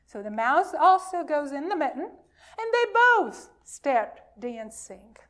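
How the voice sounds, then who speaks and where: A woman minister reads a folktale aloud to her congregation. Her voice sits high and moves at an unhurried pace. Her telling is lively and expressive. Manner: slow, expressive storytelling. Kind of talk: reading a folktale aloud in a worship service.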